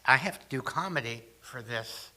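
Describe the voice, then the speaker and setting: Addressing a congregation as a guest at a spiritual gathering, an older man tells funny stories and acts out asides. He sounds expressive, bright and forceful, with a medium pitch and a moderate pace.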